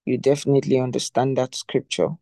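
A mellow, warm-toned teacher giving a devotional talk, dry and close to the mic. The delivery is emphatic, with key phrases said again and again. Rhetorical questions are put straight to the listeners. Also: mid-range voice, little pitch movement, fast talker, no echo.

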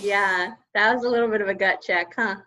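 A woman's voice: mid-range voice, fairly even intonation, brisk, bright, forceful tone. A woman co-hosting a podcast in casual chat, wry and joking. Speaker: podcast co-host.

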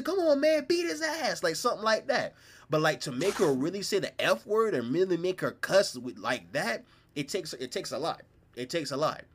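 A young man with a Southern US accent, host of a podcast, telling a story in casual, animated, slang-heavy chat. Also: a little high. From South Carolina, US.

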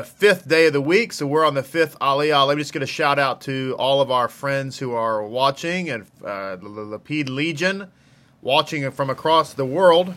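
Chatty Texan rabbi with a bright voice. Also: male voice, mid-range voice. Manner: chatty, joking, calls out viewers. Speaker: rabbi hosting a livestream. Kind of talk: casual livestream greetings.

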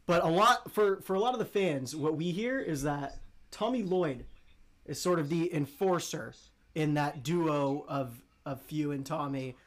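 Slightly higher-voiced male interviewer. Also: a little slow. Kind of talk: interview questions.

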